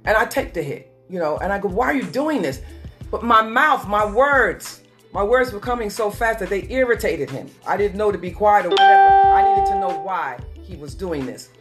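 A woman telling a personal story as a guest in an earnest, repetitive way, slowing down for emphasis. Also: medium pitch, lively intonation, over music. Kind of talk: emotional personal testimony.

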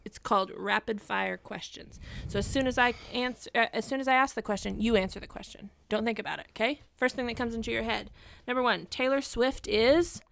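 A woman co-hosting a casual quiz chat, firm and quick, giving clear explanations. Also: on the high side, a bit bright. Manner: bossy, quick, explains patiently. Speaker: co-host.

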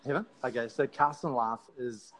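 A man's voice: mid-range voice, moderate pace, fairly bright tone, rough recording. Rambling Australian man, podcast co-host. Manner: rambling, teasing, with many fillers and restarts. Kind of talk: casual podcast chat.

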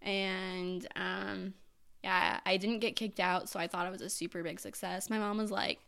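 A young woman in her twenties talks as a podcast guest, her voice at an ordinary middle pitch. She rambles casually, fills her sentences with fillers and acts out her own past thoughts. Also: normal speed, creaky, clean tone. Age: 20s. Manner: chatty, filler-heavy, animated self-quoting. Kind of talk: casual storytelling chat.

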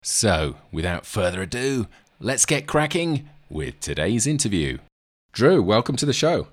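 Deep-voiced male podcast host. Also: big pitch swings, measured pace. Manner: friendly, repeats words while thinking. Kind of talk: podcast hosting.

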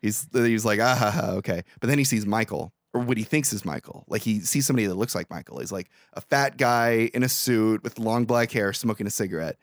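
A man's voice: fairly low pitch, fairly quick, few pauses, dry recording, studio quality. Rambling, profane podcast man. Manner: rambling, profane, acts out lines. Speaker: podcast co-host. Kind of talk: casual movie recap chat.

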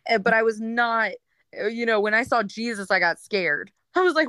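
Frank, bright-voiced woman telling her story. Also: a little high, normal speed, clear, resonant tone, no echo. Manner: frank, rambling, with frequent fillers and laughs. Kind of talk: candid personal storytelling.

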